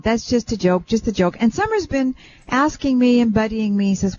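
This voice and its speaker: An older woman hosting a radio show, telling a family story in a chatty, animated way. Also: fairly high pitch, brisk. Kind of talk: casual radio chat, storytelling. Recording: dull lo-fi radio sound.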